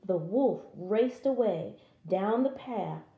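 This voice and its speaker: A woman reading a children's story aloud in a slow, expressive way. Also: medium pitch, reverberant, phone-quality sound, slight background noise.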